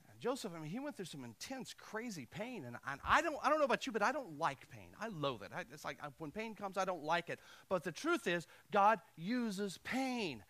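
Guy preaching a sermon, pretty high voice, bright and punchy, goes loud then drops real quiet. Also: very animated, fairly quick, few pauses. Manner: impassioned preaching, swinging between loud emphasis and quiet asides. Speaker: pastor.

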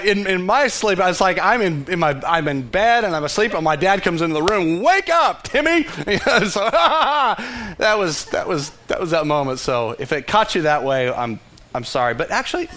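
A middle-aged Texan pastor preaching with passion, his voice climbing and falling widely as he presses his point. He talks in bursts with many restarts and runs a little higher than most men. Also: fairly bright tone, a little hiss or hum. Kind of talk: sermon.

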